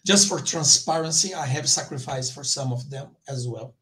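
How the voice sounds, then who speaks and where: A man's voice: mid-range voice, normal speed, fairly bright tone. A man hosting his own crypto channel live, talking loosely and rambling, with frequent restarts. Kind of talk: casual livestream commentary.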